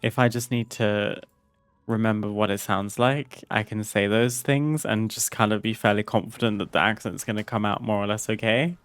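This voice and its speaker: A man's voice: on the low side, fairly even intonation, moderate pace, clean tone, no echo. A man streaming a video game, chatting casually with viewers, laughing often and reading game text aloud. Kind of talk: casual gameplay commentary.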